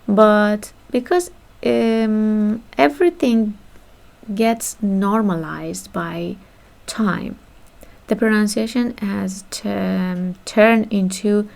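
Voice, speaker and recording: A woman teaching a beginner language lesson, reading story lines quickly and then patiently explaining each word. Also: medium pitch, vocal fry.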